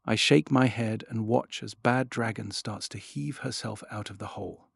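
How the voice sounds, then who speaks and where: A man narrating a children's storybook in first person, expressive and dropping to a hush at tense moments. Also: lowish voice, moderate pace, creaky, few pauses, husky, dry recording, studio quality. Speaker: audiobook narrator.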